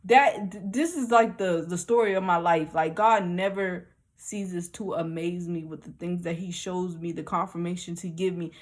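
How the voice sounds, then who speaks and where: Excitable woman telling a story. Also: on the low side, normal speed. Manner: animated, excitable, laughs often, repeats herself. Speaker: vlogger sharing spiritual experiences. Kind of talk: casual storytelling.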